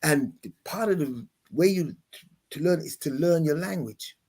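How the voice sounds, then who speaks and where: A man speaks as a guest pastor in a relaxed panel chat. His voice sits a little high. He stumbles and restarts often, and now and then he sings out a note to make a point. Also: a little hiss or hum. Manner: halting, many restarts, demonstrates voices and chants. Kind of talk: conversational explanation on a panel.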